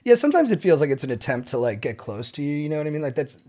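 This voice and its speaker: Quick, lively male podcast host. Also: fairly high pitch. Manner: playful, joking, acts out quoted voices. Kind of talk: casual chat.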